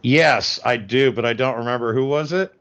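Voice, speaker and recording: A man co-hosting a casual call-in show, rambling with many pauses and fillers. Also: mid-range voice, a bit bright, lo-fi sound. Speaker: co-host.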